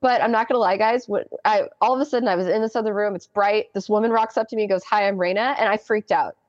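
A woman's voice: medium pitch, fairly even intonation, quick pace, dry recording. A woman in her early thirties tells a personal story as an interview guest. She is chatty and giggles often, and she restarts her sentences and says "like" a lot. The audio is dry and a little dull. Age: early 30s.

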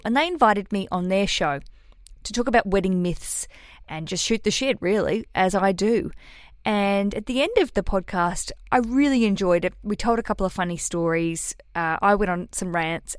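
A woman's voice: mid-range voice, no room sound, studio quality. Chatty Australian woman podcaster. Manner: chatty, swears, self-mocking. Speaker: podcast host. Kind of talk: casual podcast chat.

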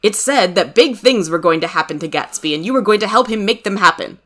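A woman's voice: mid-range voice, lively intonation, a little fast, a bit bright. A woman reading the part of an earnest, impatient wealthy man who talks insistently and urgently.

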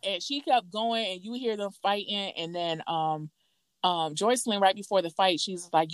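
A woman in casual chat, telling a gossip story with lively acted-out quotes. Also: normal speed, clear, resonant tone, no room sound. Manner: animated storytelling, acts out quotes in a higher voice.

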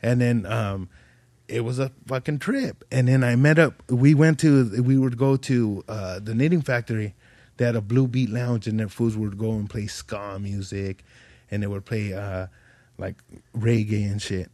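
A man's voice: fairly low pitch, normal speed, mellow, no room sound. Young adult male guest, slangy rambling storyteller, dry close sound. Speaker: podcast guest. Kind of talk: casual storytelling.

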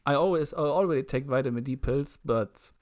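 Halting young man in casual chat. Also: medium pitch. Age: young adult. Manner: relaxed, halting with repeated words and "uh", dry jokes. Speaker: podcast co-host.

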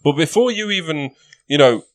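A man's voice: fairly high pitch, expressive, moderate pace, dry recording. A man narrating as game master, hesitant and repeating words, with frequent laughs.

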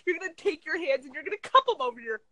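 A young woman with a very high voice hands out blunt, joking advice in a slangy, casual way. Her voice is recorded close and dry. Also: lively intonation, racing, bright, forceful tone, dry recording, low-quality recording. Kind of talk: casual chat among friends.

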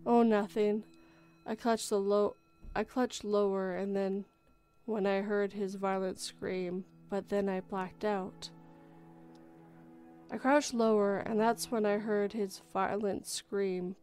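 A woman hosting a livestream, reading a horror story aloud in a relaxed way and often correcting herself. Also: mid-range voice, slow pace, soft background music. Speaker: story reader and livestream host.

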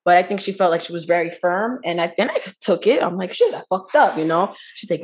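A young woman co-hosts a podcast in casual, talkative chat, laughing often and acting out what other people said. Her voice is fairly low and slightly rough, with lively intonation and a fairly quick pace.

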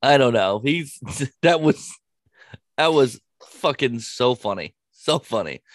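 A man's voice: medium pitch, slow, dry recording. A man telling stories in casual chat, swearing freely and often breaking into laughter. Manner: animated storytelling with frequent laughter and swearing.

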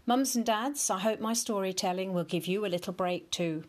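She reads aloud to children with a gentle, leisurely delivery, talking right to them, her voice pitched in the middle range.

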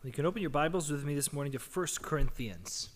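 Man preaching with a voice going hoarse. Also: a little high, fast. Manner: conversational, poses and answers questions. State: losing his voice from a cold. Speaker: pastor. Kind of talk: sermon.

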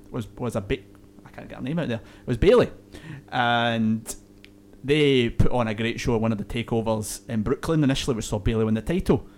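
A man's voice: medium pitch, a little mellow, a little hiss or hum. A man hosting a casual podcast, often stumbling over his words and laughing off his slips. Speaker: podcast host.

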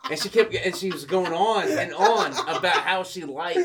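A man's voice: sits high, moderate pace, few pauses, crowd noise. A man telling a funny story in casual podcast chat, often breaking into laughter. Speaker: podcast co-host.

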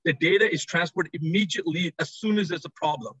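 A British-accented man with a high, slightly husky voice pitches his company with eager drive. He speaks over a video call from a trade show floor, and the audio is dry and dull. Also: a bit bright, no echo. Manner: enthusiastic, rapid sales pitch. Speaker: company executive.

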